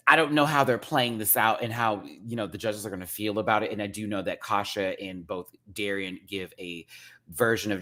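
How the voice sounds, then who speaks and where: Sassy low-voiced man ranting. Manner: sassy, expressive, drag slang. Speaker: TV show reviewer. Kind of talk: casual rant review.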